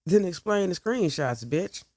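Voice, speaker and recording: A woman voicing a betrayed young woman who speaks quietly, controlled and blunt. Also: fairly low pitch, lively intonation, measured pace, slight background noise.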